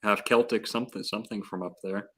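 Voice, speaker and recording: A man's voice: on the low side, fairly even intonation, quick pace, a bit bright, breathy edge. A man telling rambling stories in a casual podcast chat. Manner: rambling, enthusiastic storyteller. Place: Florida.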